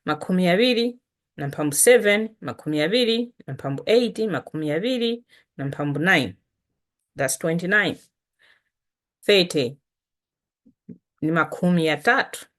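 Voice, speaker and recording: A woman's voice: lowish voice, expressive, moderate pace, long pauses. A Malawian woman whose first language is Chitumbuka, teaching an online language lesson casually and patiently, repeating words with frequent fillers. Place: home, online session.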